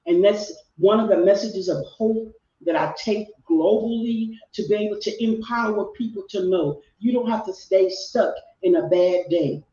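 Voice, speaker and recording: A woman's voice: medium pitch, normal speed, hardly any pauses, dark tone. Earnest woman on a distant call. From Texas. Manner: earnest, repeats phrases for emphasis. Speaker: guest life coach. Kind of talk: heartfelt personal storytelling. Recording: roomy, distant, dull video-call audio.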